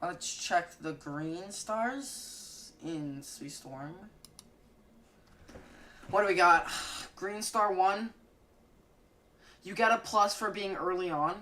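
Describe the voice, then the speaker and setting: A woman giving casual gaming commentary, excitable, jokey and swearing a lot. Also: on the low side, slow, pauses often, a little hiss or hum. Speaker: gaming video creator.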